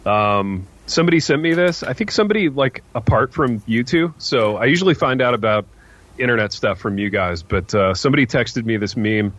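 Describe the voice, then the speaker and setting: A man co-hosting a podcast in casual chat, laid-back and quick to laugh. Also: medium pitch, expressive, fairly bright tone, dry recording. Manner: laid-back, says "dude" a lot, laughs easily. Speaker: podcast co-host. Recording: dry, slightly dull audio.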